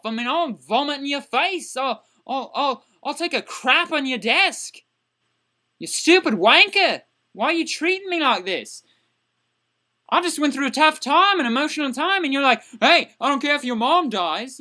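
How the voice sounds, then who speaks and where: A woman's voice: sits high, bright, forceful tone, full character voice. A woman playing a crude, indignant young man who rants exasperatedly in a comedic character vlog.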